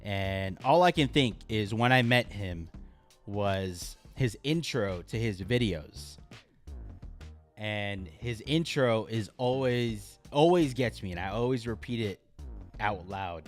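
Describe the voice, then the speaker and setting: A man hosting a casual live stream, chatting with viewers and reacting with loud exclamations. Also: lowish voice, slow pace, faint music behind. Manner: animated, exclaims and laughs at viewers' comments. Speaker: live stream host reviewing knives.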